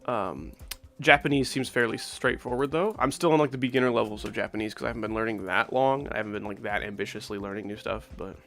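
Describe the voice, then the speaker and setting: A man in his thirties rambles casually to his stream chat while he plays, his talk loose and full of filler words. Faint music sits low in the background. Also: quick pace, a bit bright. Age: 30s. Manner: rambling, many "like" fillers, reacts to chat mid-play. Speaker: streamer playing requested game levels. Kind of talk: casual livestream chat answering viewers.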